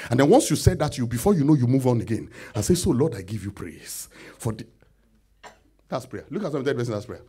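A man preaching a sermon as pastor, swinging between loud shouts and low near-whispers, acting out pleading prayers. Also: very animated, fast, breathy edge. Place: church hall.

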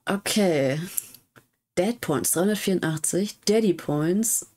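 A woman's voice: lowish voice, a little slow, a little mellow. A woman streamer chatting casually while playing a game, with giggly asides. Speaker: let's play streamer.

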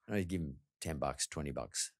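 A man's voice: rumbling low, expressive, a little fast, no echo, studio quality. A middle-aged man hosting a podcast, telling a candid story in a blunt, reflective way and swearing freely. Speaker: podcast host.

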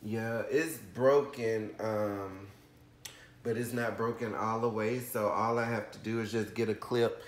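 A gushing man with a drawl hosts a casual unboxing vlog from home, calling his viewers honey and breaking into shrieks. He talks slowly and leans on his words. The room is echoey, with a faint hiss behind him. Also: lowish voice. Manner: effusive, calls viewers honey, shrieks with excitement. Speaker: orchid channel host.

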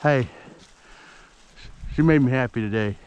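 A man's voice: mid-range voice, measured pace, a little mellow, clean tone, highs cut off. A man, outdoors in rural woods, calling his hunting dogs in a repetitive sing-song and chatting casually. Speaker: hunter and dad.

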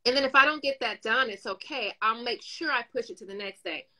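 Bright, lively woman giving advice. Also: on the high side, fairly quick, low-quality recording. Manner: animated storyteller, acts out dialogue, gives advice. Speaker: guest speaker. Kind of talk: casual motivational chat.

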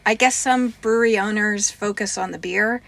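A woman's voice: medium pitch, moderate pace, creaky, a bit bright. Chatty woman listing details casually. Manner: chatty, lists details in a matter-of-fact way. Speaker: co-host reviewing breweries. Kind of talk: casual chat.

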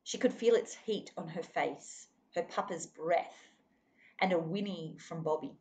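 Woman, expressive read-aloud, children's novel, speaks to listeners. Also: fairly low pitch, a little slow. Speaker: reader.

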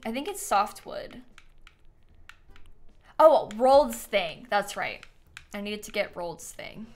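A woman's voice: on the high side, a bit bright. A young woman livestreaming a game, chatting casually and thinking aloud, sleepy and yawning as she thanks viewers. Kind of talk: casual gaming stream chat.

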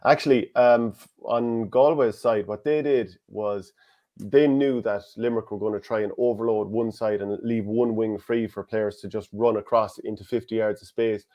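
A man's voice: fairly low pitch, fairly even intonation, moderate pace, mellow. An Irish man co-hosting a podcast, talking through a game in long, detailed analytical runs. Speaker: co-host. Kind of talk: casual sports analysis chat.

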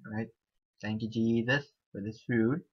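A young man chatting excitably and repeating himself as he gives casual commentary on a game he is playing. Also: fairly low pitch, normal speed, husky. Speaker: gaming YouTuber. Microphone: desk mic, no headset. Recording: dull lo-fi home recording.

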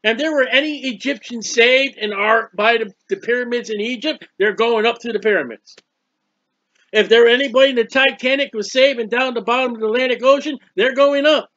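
A man preaching a bible sermon, emphatic and repetitive, building to loud exclamations. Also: very high-pitched, a little fast, no echo. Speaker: street preacher. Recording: dull muffled lo-fi audio.

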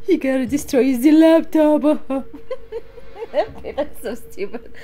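A woman's voice: on the high side, darkish tone. A young woman hosting a gaming channel, giggling and talking to herself as she plays. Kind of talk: let's play commentary.

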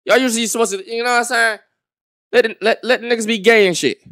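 A man streaming a reaction, talking to his chat in an animated way, dropping to a mumble and then getting loud. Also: very high voice, fast talker. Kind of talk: livestream reaction commentary.

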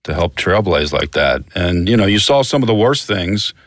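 Deep-voiced man hosting a podcast. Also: animated, normal speed, dry recording, studio quality. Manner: encouraging, brief affirmations. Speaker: podcast host. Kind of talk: interviewer.

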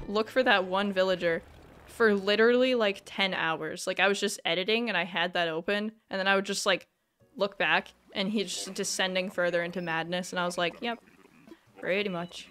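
A young woman live streaming a video game, chatting with her viewers and breaking into excited squeals and shouts. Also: mid-range voice, brisk, faint music behind. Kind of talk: casual gaming livestream chat.

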